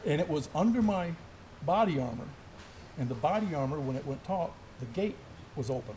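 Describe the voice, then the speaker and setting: A man's voice: a little high, lively intonation, fairly quick, warm tone, slight background noise. A middle-aged man, a former Special Forces soldier, telling a war story in casual chat and laughing through his words. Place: gun shop.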